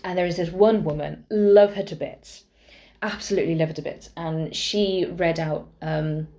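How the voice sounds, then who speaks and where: A young woman co-hosts a podcast, telling long, chatty anecdotes full of fillers. Her voice sits on the lower side for a woman. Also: fairly even intonation, moderate pace, warm tone. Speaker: podcast co-host. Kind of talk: casual chat.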